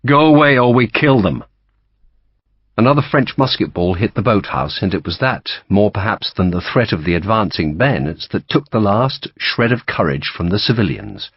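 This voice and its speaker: A man narrating an audiobook in a lively storytelling manner, giving each character a voice. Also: fairly low pitch, moderate pace, few pauses, breathy edge, no room sound. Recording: dull dry audiobook recording.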